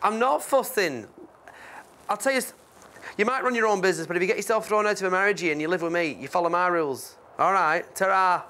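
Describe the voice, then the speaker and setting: A man's voice: high-pitched, quick pace, pushed and bright, a little hiss or hum. An actor playing a fussy, bossy man who hands out warnings and house rules in a TV comedy.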